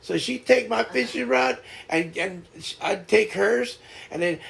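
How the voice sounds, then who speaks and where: Gravelly high-voiced man telling stories. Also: normal speed. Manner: laughs often, animated storytelling. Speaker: live stream host. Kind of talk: casual storytelling chat.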